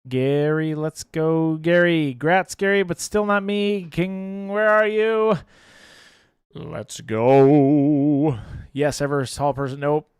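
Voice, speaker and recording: A man hosting a casual livestream giveaway, calling out winners' names loudly and joking between them. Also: a little high, measured pace, hardly any pauses, clear, resonant tone, dry recording, studio quality.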